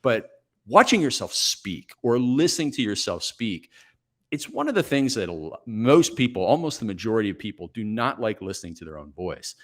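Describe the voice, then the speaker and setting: A man in his forties, a coach guest on a podcast, telling stories in a brisk, energetic, self-reflective way. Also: lowish voice. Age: 40s. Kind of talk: podcast interview, storytelling.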